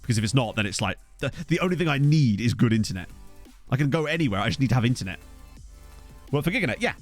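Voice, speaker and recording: Young male streamer, chatty and rambling, animated delivery, desk mic. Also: medium pitch, fast talker, faint music behind. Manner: rambling, chatty, addresses viewers. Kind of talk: casual live-stream chat while playing. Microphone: desktop USB mic.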